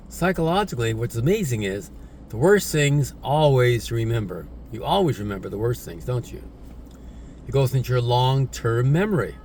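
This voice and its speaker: A man teaches a casual spoken English lesson in a medium-pitched voice, with a little hiss or hum on the audio. He repeats himself and tags questions like "right?" and "isn't it?" onto his points.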